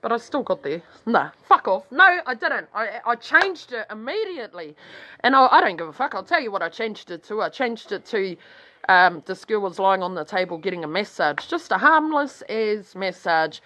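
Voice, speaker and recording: A woman's voice: medium pitch, moderate pace. A woman with a New Zealand accent telling a crude story in a casual vlog, swearing constantly and rambling, her voice jumping up when she gets worked up. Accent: New Zealand English. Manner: heavy swearing, blunt and rambling; animated, voice jumps up when excited. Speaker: vlogger.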